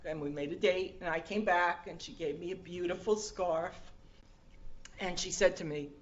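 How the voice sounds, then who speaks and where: An older woman telling a personal story in a talk, lively and acting out the dialogue. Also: lowish voice, moderate pace, lo-fi sound. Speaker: speaker.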